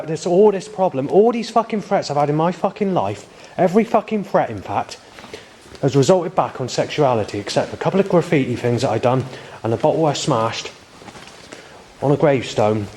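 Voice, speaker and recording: A man's voice: medium pitch, animated, brisk, a little mellow, a little hiss or hum. A man, recording a rambling spoken video diary outdoors on a muddy path with a handheld camera, talking in an agitated, swearing way. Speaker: video diarist.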